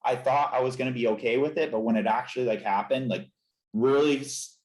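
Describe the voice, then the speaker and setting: A man's voice: mid-range voice, fairly quick, darkish tone. A man, a chiropractor, telling his story as a podcast guest in an earnest, reflective, emotional way. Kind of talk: candid podcast interview. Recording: roomy echo.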